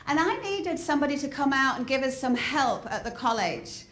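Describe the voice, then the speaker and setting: High-voiced English woman telling a lively story. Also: moderate pace. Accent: softened English accent. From north of England. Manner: lively, humorous, asks the audience questions. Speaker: speaker. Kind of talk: motivational storytelling talk. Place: large hall before an audience. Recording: roomy hall with faint crowd ambience.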